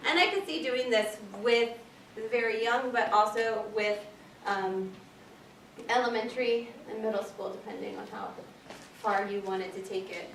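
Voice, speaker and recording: A woman librarian giving a casual, animated workshop talk, chatting with plenty of fillers. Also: a little high, normal speed. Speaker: children's librarian presenting at a workshop. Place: meeting room at a public library. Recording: echoey room, distant mic, faint noise.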